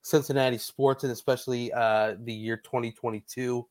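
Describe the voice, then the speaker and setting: A man's voice: medium pitch, fairly even intonation, moderate pace. A man hosting a casual sports podcast, talking in a rambling way with many restarts. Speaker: podcast host.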